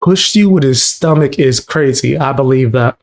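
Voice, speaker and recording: A man's voice: mid-range voice, moderate pace, slight background noise. A man hosting a casual reaction commentary, blunt and incredulous about what he hears. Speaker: commentary host.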